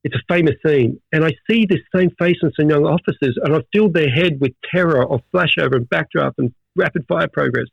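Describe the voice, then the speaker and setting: A middle-aged Australian man, a veteran firefighter, talking in an animated storytelling way with many restarts in a casual interview. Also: a little high, fairly quick, vocal fry, few pauses, breathy edge, no echo. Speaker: firefighter guest. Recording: dull dry audio.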